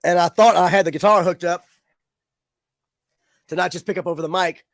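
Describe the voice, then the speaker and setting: A man's voice: sits high, fairly even intonation, brisk, dry recording, studio quality. A man hosting a casual live-stream, chatting loosely with viewers in a laid-back way. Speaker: livestream show host. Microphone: studio microphone with audio interface.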